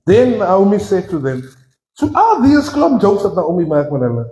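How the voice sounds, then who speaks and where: A man's voice: high voice, wildly swooping pitch, moderate pace, mellow, roomy sound, rough recording. A South African man preaching a sermon as pastor, joking and acting out voices, laughing often. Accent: South African, switching with Afrikaans. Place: church.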